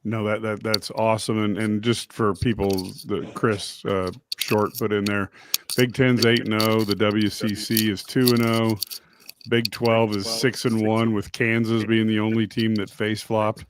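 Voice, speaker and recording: A man hosting a casual sports talk stream, reading off results plainly. He talks low and in a flat monotone. Steady noise sits clearly behind his voice. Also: a little slow. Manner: reads out scores and records plainly. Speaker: show host.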